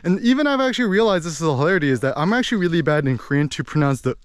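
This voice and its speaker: A man giving a rambling, animated casual monologue as a podcast host. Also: on the high side, rapid-fire, smooth, dry recording, studio quality. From United States. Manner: animated, rambling, with many fillers.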